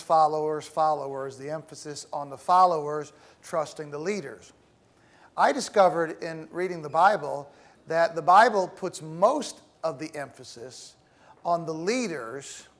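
A middle-aged man giving a classroom lecture, speaking in a measured, deliberate way with pauses and the odd repeated word. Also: on the high side. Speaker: teacher.

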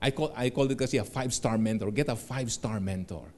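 A man's voice: medium pitch, quick pace, darkish tone. A middle-aged man giving a motivational seminar talk, telling stories animatedly, laughing along and acting out the voices of the people in them. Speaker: seminar speaker.

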